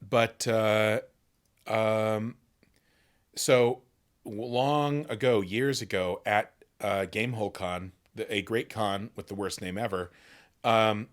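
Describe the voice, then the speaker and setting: Rambling, halting man telling a story. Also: fairly low pitch, a bit bright. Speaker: host. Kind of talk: casual livestream chat.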